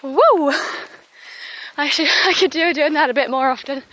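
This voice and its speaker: A bright, high-voiced young woman talks to her handheld phone camera as she walks across open heathland. Her casual vlog chatter is bubbly and broken up by frequent laughs. The sound is crisp and forward. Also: fast talker, no room sound, low-quality recording. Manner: bubbly, laughs often between phrases. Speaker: vlogger. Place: outdoors on open forest heathland, walking.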